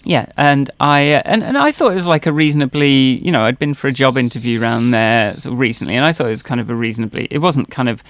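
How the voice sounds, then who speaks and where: A man's voice: mid-range voice, quick pace, few pauses, fairly bright tone, no room sound. A man co-hosting a podcast, telling personal stories in casual chat, rambling with many fillers and restarts. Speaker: podcast co-host.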